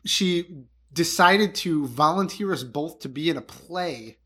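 A young man in casual group chat, telling a story in an animated, joking way. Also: fairly high pitch, measured pace.

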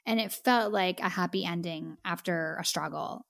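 Chatty woman podcast host, slightly low voice. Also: normal speed, gravelly, a bit bright, no room sound, clean studio sound. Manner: enthusiastic, chatty, lots of "like". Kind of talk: casual music review chat.

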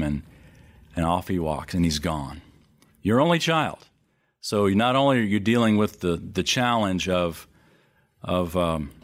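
Low-voiced middle-aged preacher telling a story. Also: male voice. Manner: storytelling, wide swings in pitch and loudness, hesitant restarts. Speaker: pastor. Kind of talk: sermon.

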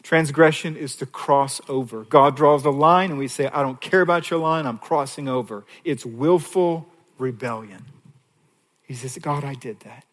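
A male pastor delivering a sermon, moving between hushed pleading and raised, emphatic preaching. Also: medium pitch, moderate pace. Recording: long hall reverb.

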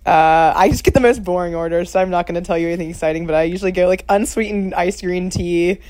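A woman's voice: fairly low pitch, quick pace, a little mellow, no room sound. A young woman co-hosting a student podcast, chatting casually in a rambling, self-deprecating way. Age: young adult. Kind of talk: casual chat.

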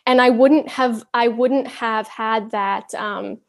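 A woman's voice: fairly high pitch, steady tone, gravelly. Earnest woman wellness guest. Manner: earnest, candid, halting restarts. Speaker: interview guest, wellness counselor. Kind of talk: casual interview chat.

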